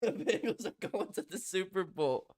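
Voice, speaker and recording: A man doing live fan play-by-play on a stream. He swings from loud, shouted excitement to soft, stunned murmuring, with frequent laughter. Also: high voice, normal speed. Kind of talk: live fan reaction commentary.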